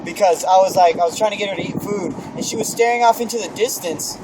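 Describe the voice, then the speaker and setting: A man's voice: high voice, quick pace, background noise. A young man rambling through a spooky story in casual chat, swearing a lot, recorded outdoors.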